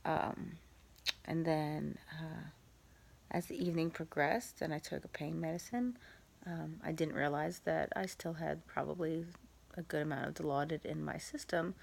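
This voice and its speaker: Low creaky-voiced woman, tired and sore. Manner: soft-spoken, halting with many ums, laughs at herself. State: in pain after surgery, tired. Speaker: vlogger. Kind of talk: casual recovery vlog. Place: at home in bed. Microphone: phone.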